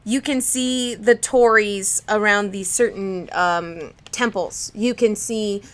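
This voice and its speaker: A young woman co-hosting a casual comic book chat, retelling the story in a playful, animated way. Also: medium pitch, slow. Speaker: comic podcast co-host.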